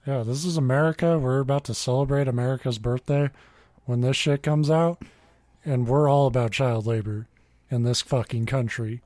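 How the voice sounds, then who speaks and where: A man's voice: mid-range voice, normal speed, darkish tone, dry recording, studio quality. A man co-hosting a casual podcast, crude and sarcastic, swearing freely. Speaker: podcast co-host. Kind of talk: casual chat.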